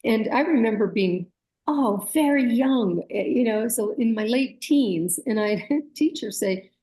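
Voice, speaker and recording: A woman co-hosting a coaching talk, speaking in a measured, reflective way about posture and texting. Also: fairly high pitch, lively intonation, dark tone, poor audio. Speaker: co-host coach. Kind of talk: casual educational chat.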